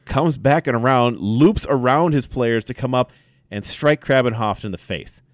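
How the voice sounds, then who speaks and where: A man co-hosting a casual sports podcast, telling events in an animated way with many fillers. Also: medium pitch, moderate pace, no room sound, studio quality. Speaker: podcast co-host.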